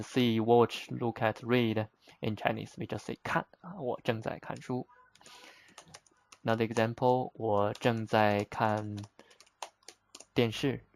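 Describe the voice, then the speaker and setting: Vocal fry colors the medium-pitched voice of a man who teaches Chinese. Patient and methodical, he explains vocabulary in plain, somewhat broken English, leaning on simple examples.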